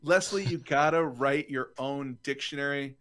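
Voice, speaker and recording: A man's voice: mid-range voice, moderate pace, fairly bright tone. A man co-hosting a casual online group chat, playful and teasing. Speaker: co-host. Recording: video call audio.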